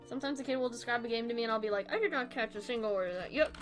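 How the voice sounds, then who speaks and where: A woman's voice: on the high side, racing, soft background music. A young woman in her twenties chatting casually on a drawing stream, rambling and self-deprecating, often laughing.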